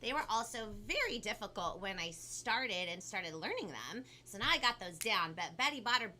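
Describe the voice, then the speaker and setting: Bubbly Californian woman, bright voice. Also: medium pitch, animated, a little hiss or hum. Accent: Californian Valley girl. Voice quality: talks a lot and fast, bubbly. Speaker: kids' show host. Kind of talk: live-stream chat.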